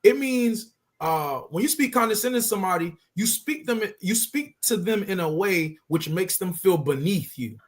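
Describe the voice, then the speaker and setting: A man's voice: high voice, animated, moderate pace, hardly any pauses. A man teaching scripture in a casual street style, emphatic and conversational, often repeating his points for stress. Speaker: religious teacher.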